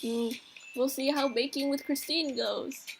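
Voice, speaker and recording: Brief: young woman, fairly high voice, chatty let's-play reactions. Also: fairly even intonation, unhurried, gravelly, background noise. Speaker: gamer playing a visual novel. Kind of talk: casual let's-play commentary.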